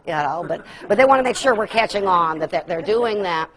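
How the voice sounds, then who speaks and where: Lively woman presenter with folksy humor. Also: mid-range voice, quick pace. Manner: humorous, acts out kids' voices, folksy asides. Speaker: workshop presenter. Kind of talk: lively training lecture. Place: workshop room.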